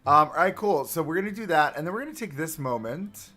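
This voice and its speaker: A man's voice: fairly high pitch, lively intonation, quick pace, bright, forceful tone, soft background music. A man chatting casually to his live chat while he builds in a game, joking at his own expense. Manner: chatty, self-mocking, talks to chat. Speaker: livestreamer. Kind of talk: casual game livestream commentary.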